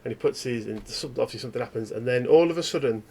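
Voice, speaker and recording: Gravelly-voiced man narrating a horror game. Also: mid-range voice, a little mellow. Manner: halting, descriptive storytelling. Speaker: game master.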